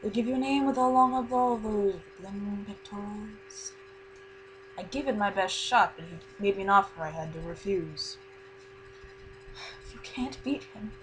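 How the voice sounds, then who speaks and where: A woman voicing a sardonic, world-weary young cartoon woman with a dry, low drawl. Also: normal speed, a little hiss or hum, close to an everyday voice, poor audio. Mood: sarcastic.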